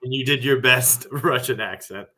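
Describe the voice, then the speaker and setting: A man's voice: mid-range voice, normal speed, sharp tone. A man co-hosting a casual fight-betting show, talking in an enthusiastic, teasing way. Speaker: podcast co-host.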